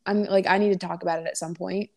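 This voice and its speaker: A woman's voice: lowish voice, fairly even intonation, fast talker, vocal fry. Chatty young woman full of fillers. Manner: chatty, many fillers, acts out quoted voices. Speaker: podcast co-host. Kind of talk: casual chat.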